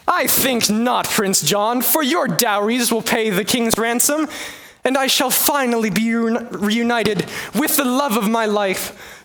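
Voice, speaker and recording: A young man acts out a whole comedy play alone. His voice sits high and leaps around wildly in pitch. He takes his time over the lines and hams every one up for laughs. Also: animated, takes it slowly, long pauses, a bit bright. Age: young adult. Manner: hammy and exaggerated, with sudden pitch swings. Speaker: solo performer of a comedy play.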